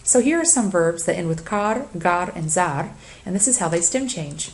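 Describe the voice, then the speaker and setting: A woman teacher giving a recorded lecture for a flipped class, slowly reading lists of verb forms and giving assignments. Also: lowish voice, lively intonation. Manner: deliberate, reads conjugations aloud in lists. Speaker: Spanish teacher.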